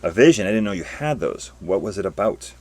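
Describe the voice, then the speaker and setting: A man's voice: lowish voice, animated, fairly quick, darkish tone. A man voicing an earnest young female alien Jedi student who speaks in a pleading, indignant way while reading a comic aloud.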